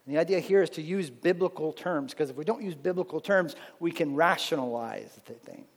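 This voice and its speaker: A man's voice: fairly high pitch, fairly quick. Man, pastor, conversational sermon, frequent "right?" asides, reverberant hall. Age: adult, married with children.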